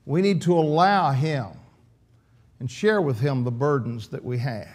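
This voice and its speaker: A man's voice: mid-range voice, unhurried, darkish tone. A man preaching an earnest, emphatic sermon in church, often restarting his phrases.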